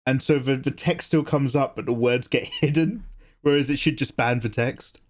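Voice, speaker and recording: A livestream host and artist, the young man speaks in a mid-range voice at a normal pace. He draws on stream while chatting casually, joking, swearing, and answering his chat.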